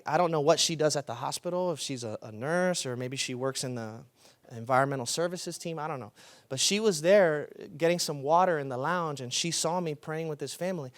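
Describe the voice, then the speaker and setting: A man's voice: fairly high pitch, no room sound. A young adult man preaching a conversational sermon as a pastor, telling stories. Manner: conversational, storytelling with laughs.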